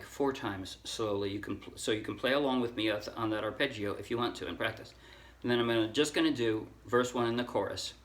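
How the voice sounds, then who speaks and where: A man teaching a ukulele song in a relaxed, casual way, counting strings aloud and correcting himself as he goes. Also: medium pitch. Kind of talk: casual tutorial talk. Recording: ukulele playing under the voice.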